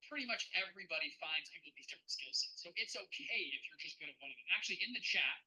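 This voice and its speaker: Man, fund manager, webinar lesson, chatty, very bright tone, husky. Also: high voice, animated, very fast, low-quality recording. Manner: casual, chatty, repeats words, addresses chat. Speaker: fund manager teaching a live class. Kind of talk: live-streamed webinar lesson.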